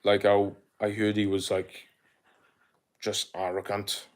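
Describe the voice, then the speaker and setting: Chatty Welsh man, low voice. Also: monotone, slow. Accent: South Welsh. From Wales. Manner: rambling, filler-heavy, laughs easily. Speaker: livestream host. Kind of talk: casual livestream chat reading comments.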